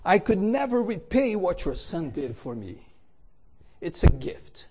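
A man's voice: high-pitched, big pitch swings, measured pace, darkish tone, slightly rough, exaggerated voice. A man voicing a modest young soldier who offers a gift in a sermon story. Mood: humble. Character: humble young male soldier.

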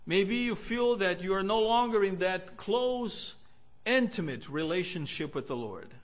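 High-voiced man preaching slowly. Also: animated. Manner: earnest, measured preaching with pauses. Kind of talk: sermon.

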